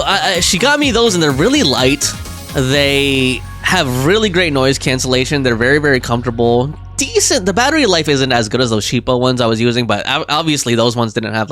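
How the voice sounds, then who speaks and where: A man's voice: medium pitch, a bit bright. A young man streaming a game live, chatting casually and rambling with fillers and restarts.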